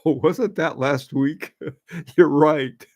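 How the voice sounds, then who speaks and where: A man's voice: on the high side, slow pace, darkish tone, dry recording, studio quality. An older man, hosting a casual livestream and chatting with viewers in a rambling way, laughing often. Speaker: livestream host. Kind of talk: casual livestream chat reading viewer comments.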